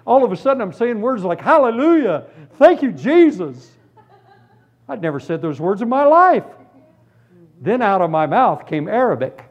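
A man telling his conversion story as a sermon, with lively storytelling that moves from hushed tones to shouted praise. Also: high-pitched, normal speed, lo-fi sound. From Florida, US. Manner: animated storytelling, drops to hushed tones then bursts into shouts. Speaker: preacher giving testimony. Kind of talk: testimony sermon.

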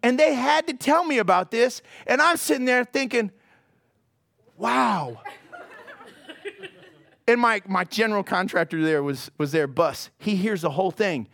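High-voiced man preaching with laughter. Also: unhurried, creaky, pauses often, dry recording. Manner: animated, laughing storyteller. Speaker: pastor. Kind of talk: sermon with storytelling.

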